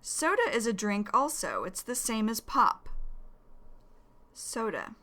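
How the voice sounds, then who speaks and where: Slow, bright-voiced woman teaching. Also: a little high, huge pitch swings. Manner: slow, clear, repeats each word. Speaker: English teacher. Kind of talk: slow vocabulary lesson.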